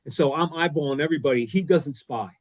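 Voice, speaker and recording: Man, podcast co-host, excitable storyteller, emphatic, slightly high voice, dry sound. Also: fast talker, no room sound. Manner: emphatic and excitable, self-deprecating. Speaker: co-host, former defensive coordinator. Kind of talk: animated storytelling; casual podcast chat.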